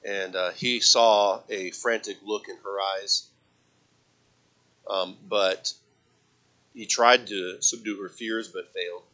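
A man preaching a sermon, swinging from loud impassioned passages to soft, quiet reflection and quoting scripture in old-fashioned wording. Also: on the low side, fairly even intonation, takes it slowly, pauses often, low-quality recording.

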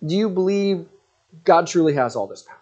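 A man's voice: sits high, animated, fairly quick, darkish tone, lo-fi sound. A man in his thirties giving a casual, rambling sermon, full of fillers and joking asides. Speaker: pastor.

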